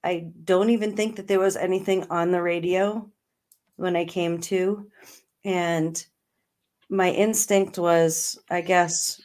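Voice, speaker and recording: A middle-aged woman, a guest in an interview, telling a personal story in earnest, slowing down on emotional words and laughing now and then. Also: lowish voice, fairly even intonation, darkish tone. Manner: earnest, slows right down on emotional words, laughs between lines.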